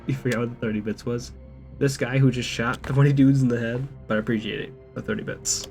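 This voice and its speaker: A man's voice: medium pitch, fairly even intonation, brisk. A man streaming a video game, chatting casually and profanely and reading in-game notes aloud. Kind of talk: casual live-stream commentary. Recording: streamer over loud game music.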